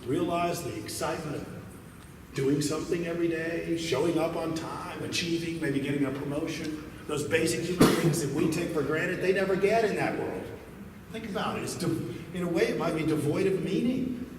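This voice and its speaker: A man's voice: a little high, moderate pace, a little hiss or hum. A man giving a conference talk, a folksy storyteller who livens up in his jokes. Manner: folksy storyteller, animated in the joke. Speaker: conference speaker. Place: large conference hall. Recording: echoey hall from far off.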